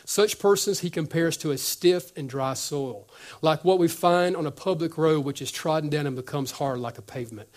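Speaking at normal speed in a voice on the high side, a man preaches animatedly. He performs little dialogues within his sermon and now and then sinks to an almost-whisper.

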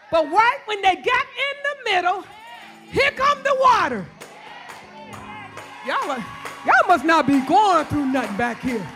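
A woman preacher giving a shouted, repetitive sermon in a church, calling out congregants by name and drawing responses. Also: very high-pitched, big pitch swings, unhurried, long pauses, faint music behind.

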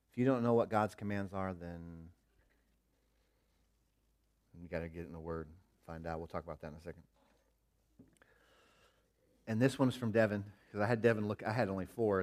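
Animated man preaching a sermon. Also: low voice. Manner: animated storytelling with acted-out quotes. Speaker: pastor.

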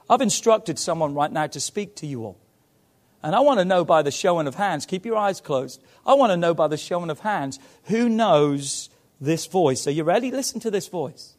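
A man preaching a sermon to his church, emphatic and swinging between loud calls and hushed passages. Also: a little high, animated, moderate pace. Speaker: pastor.

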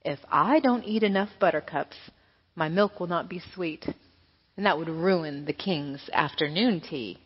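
Storybook cow, slow and low, as a woman puts her on; echoey hall, dull sound. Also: slightly rough. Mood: plain. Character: female cow, plain and matter-of-fact.

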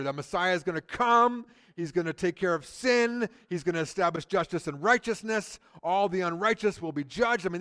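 A middle-aged man preaching a sermon, who swings from loud emphasis to a hushed near-whisper. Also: on the high side. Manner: acts out quoted people in lively voices. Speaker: pastor.

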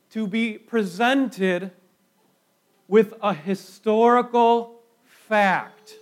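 A man with a high voice delivers a sermon at an unhurried pace. He leans hard on key words and lets long pauses hang. Often his voice falls to a near hush at the end of a thought. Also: expressive. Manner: slow, emphatic preaching with dramatic pauses and sudden quiet drops. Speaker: pastor.

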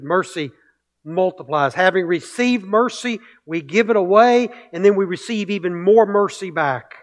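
A male pastor preaching a sermon, emphatic, repeating key phrases and building with rhetorical questions. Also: high voice.

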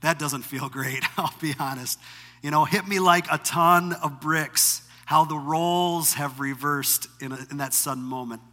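Bright-voiced pastor in a reverberant hall. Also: male voice, fairly high pitch, a little slow. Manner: conversational storytelling with self-deprecating humor. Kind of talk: sermon. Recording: long reverb from a large hall.

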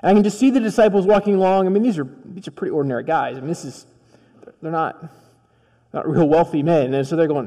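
A man's voice: fairly high pitch, quick pace, dark tone. A man preaching a sermon in a conversational storytelling style, acting out dialogue as he goes. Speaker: pastor. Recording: long reverb of a large hall.

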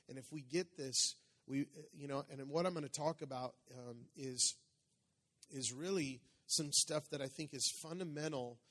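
With a slightly high, somewhat bright voice, this middle-aged pastor delivers a sermon that feels like a conversation. He jokes and calls out to the people in the pews.

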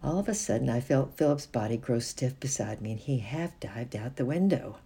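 A gravelly, husky storybook reader. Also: medium pitch, animated, normal speed, warm tone. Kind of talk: storybook reading.

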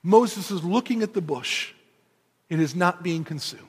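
A male pastor preaching a sermon in an animated, storytelling way with casual conversational asides, in a church. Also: sits high, unhurried, breathy edge. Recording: reverberant hall.

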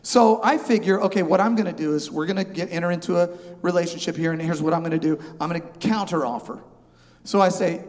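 Pastor with a hall's long echo. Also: male voice, a little high, quick pace. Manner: animated, acts out both sides of a haggle. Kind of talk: humorous storytelling sermon.

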